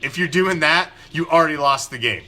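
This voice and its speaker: A man's voice: on the high side, brisk, pushed and bright. Profane ranting male sports host. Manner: angry, profane, emphatic ranting with repetition. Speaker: host of a fan show. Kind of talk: ranting live sports commentary.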